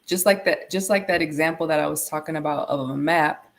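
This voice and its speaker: A woman with a notably low voice co-hosts a casual talk. She explains at length, circling back and restarting phrases as she builds her point. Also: brisk. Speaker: co-host.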